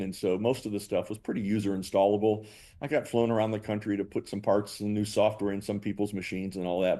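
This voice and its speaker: An older man, a company founder and guest, telling animated stories and acting out both sides of past conversations. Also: on the low side. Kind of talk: storytelling interview answers.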